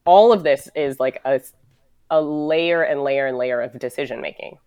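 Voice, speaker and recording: A woman's voice: extremely low pitch, moderate pace, warm tone, dry recording. A woman from the United States in a casual, reflective conversation, rambling and full of "like", swearing now and then.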